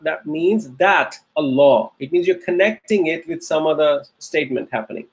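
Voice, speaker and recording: An Arabic teacher with a slightly high voice delivers an online grammar lecture at a moderate pace with few pauses. He patiently goes back over points and asks the class "okay?" to check understanding.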